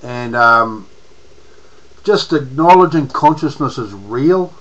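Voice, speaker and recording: A man's voice: medium pitch, unhurried, long pauses, sharp tone, muffled recording. A man with a New Zealand accent, rambling in a casual monologue to camera as a political vlogger, restarting his sentences often and using slang.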